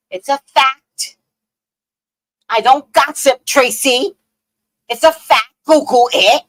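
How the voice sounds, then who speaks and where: A woman hosting a live stream, chatting casually with viewers and telling animated stories, laughing often and swinging between loud outbursts and hushed asides. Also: high-pitched, low-quality recording.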